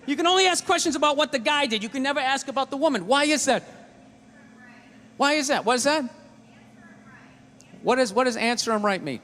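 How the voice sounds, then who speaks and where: A man's voice: very high-pitched, very noisy. An American man doing a stand-up routine, ranting with profanity and acting out both sides of an argument. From United States. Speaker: stand-up comedian. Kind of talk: stand-up routine before a live audience.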